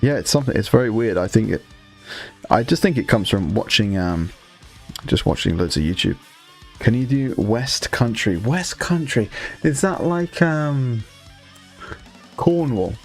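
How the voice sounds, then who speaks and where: A man's voice: fairly low pitch, lively intonation, normal speed, creaky, soft background music. A man hosting a live stream, chatting casually to viewers while painting miniatures. He rambles loosely and swears freely as he talks. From Scotland.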